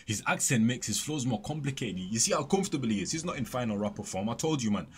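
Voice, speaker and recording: A man's voice: medium pitch, animated, fast, a little hiss or hum. A man giving chatty, casual reaction commentary into a desk microphone. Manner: chatty, peppers speech with "blood" and "fam". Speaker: music reaction streamer. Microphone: USB desk microphone.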